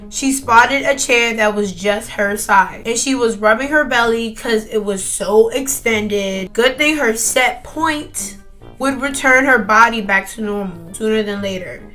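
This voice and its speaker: A woman's voice: fairly high pitch, pushed and bright. A teenage girl casually narrating a school project story, chatty and full of "like". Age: teens. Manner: chatty, lots of "like". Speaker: student narrator. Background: faint background music.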